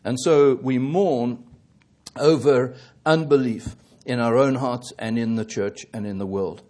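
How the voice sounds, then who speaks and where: A man preaching a sermon, halting and correcting himself often, growing more emphatic as he presses his points. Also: mid-range voice, fairly even intonation, darkish tone. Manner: halting, with many fillers and self-corrections.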